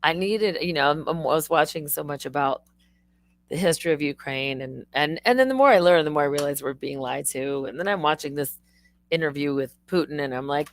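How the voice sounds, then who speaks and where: A woman live streaming, chatting casually in an excitable, rambling way, swearing and laughing often. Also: low-pitched, fairly quick, no echo.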